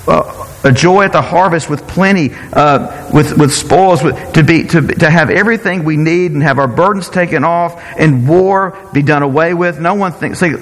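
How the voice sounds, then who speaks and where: Earnest male preacher in a reverberant hall. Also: on the high side. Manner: earnest, halting, repeats words while searching for them. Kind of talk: sermon.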